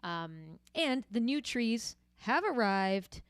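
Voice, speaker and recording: Woman hosting a livestream, chatty, smooth clear voice, dry close sound, mid pitch. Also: sing-song, slow pace, dry recording. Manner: chatty and friendly, with frequent fillers. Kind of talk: casual livestream chat to viewers.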